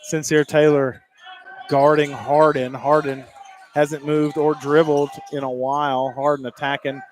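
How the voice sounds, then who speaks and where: A man calling high school basketball play-by-play, rapid and excitable, climbing higher on big plays. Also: slight background noise. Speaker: play-by-play announcer.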